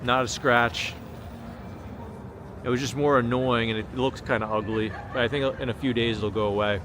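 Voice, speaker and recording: An American man livestreams from a city street at night, talking casually and reading viewer comments aloud. His mid-range voice is fairly even in intonation and moderately paced. City traffic noise is audible through his small handheld camera mic.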